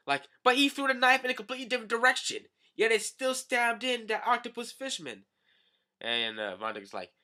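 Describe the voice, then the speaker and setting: A man's voice: very high voice, big pitch swings, a little fast, sharp tone. A man giving a casual, profane and sarcastic comedic recap of a manga chapter, rambling as he goes. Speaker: manga reader and commentator.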